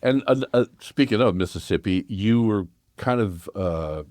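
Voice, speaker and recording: A man's voice: on the low side, expressive, a little slow, darkish tone, no echo, studio quality. A man hosting a community radio interview in an easygoing, encouraging way. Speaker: radio host.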